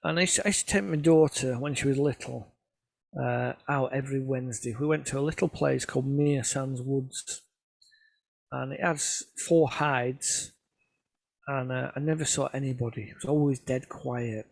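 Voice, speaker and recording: Over a video call, a man tells a photography club some chatty anecdotes that poke fun at himself, in a relaxed, story-driven presentation. He speaks at a moderate pace in a steady, gravelly voice of medium pitch, recorded with no echo.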